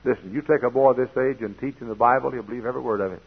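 This pastor races through his folksy church sermon with few pauses, at times building into loud, emphatic preaching. The husky, mid-range voice is heard on a tinny, lo-fi old recording.

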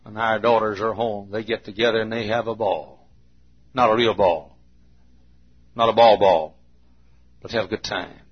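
A man's voice: on the low side, steady tone, normal speed, pauses often, slightly rough. A man preaching a sermon in a church with an emphatic, repetitive cadence. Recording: muffled lo-fi recording.

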